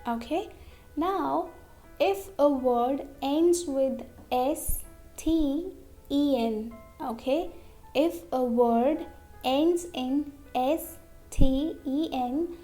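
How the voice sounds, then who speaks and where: A woman with a high, mellow voice leads an English pronunciation lesson at a slow, deliberate pace. She says each example word twice and keeps checking in with "okay?". Quiet music plays underneath.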